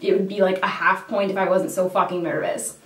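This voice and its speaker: A woman's voice: lowish voice, little pitch movement, fairly quick, fairly bright tone. A woman telling a story to camera in a casual vlog, swearing freely, laughing often and retelling things dramatically. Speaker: makeup vlogger. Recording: roomy echo, mic at a distance.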